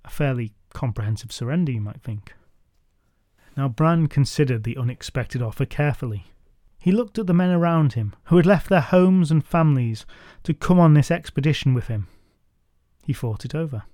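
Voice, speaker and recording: Dry, mellow-voiced male storyteller. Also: mid-range voice, lively intonation, normal speed, dry recording. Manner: wry, conversational, does character voices. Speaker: podcast storyteller. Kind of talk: dramatic myth retelling.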